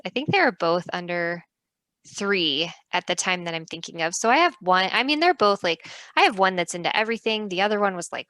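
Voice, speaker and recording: A woman in her thirties co-hosting a casual faith podcast, telling a story with lively acted-out quotes and laughter. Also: medium pitch, no echo. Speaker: podcast co-host.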